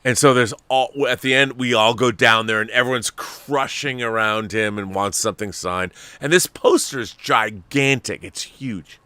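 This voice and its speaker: A middle-aged man hosting a podcast, telling stories in an animated, emotional way with many restarts. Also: medium pitch, normal speed, few pauses, clear, resonant tone, dry recording. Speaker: podcast host. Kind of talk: casual chat.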